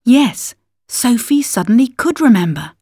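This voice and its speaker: A woman narrating a scripted story calmly, at times dropping into whispers. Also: a little high, unhurried, breathy edge, dry recording, studio quality.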